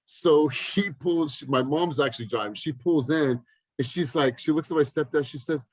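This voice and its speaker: Man in his thirties, coach, group video call, lively storyteller, dry close sound. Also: fairly high pitch, normal speed, breathy edge, no echo, poor audio. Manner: energetic storytelling with lively acted-out quotes. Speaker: business coach.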